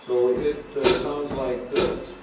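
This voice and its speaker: A man's voice: mid-range voice, little pitch movement, takes it slowly, over loud music. A man teaching drum rudiments in a recorded lesson, patiently explaining and counting out rhythms. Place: room with drum kit. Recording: roomy echo, distant mic, noisy.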